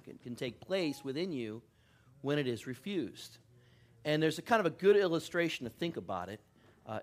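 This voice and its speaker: A middle-aged male pastor giving a casual, joking sermon in church, laughing often and poking fun at himself. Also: medium pitch. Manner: chatty, self-deprecating, laughs often. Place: church sanctuary.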